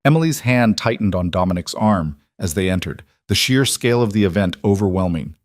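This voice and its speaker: A man reads scripted story narration in a calm, even manner. His voice is somewhat low, and the recording is close and dry with no room sound. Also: brisk, no room sound.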